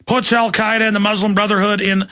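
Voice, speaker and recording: A man hosting a talk show, delivering an impassioned, ranting monologue that swings into shouting and slow, emphatic stresses. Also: high voice, level tone. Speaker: radio talk show host.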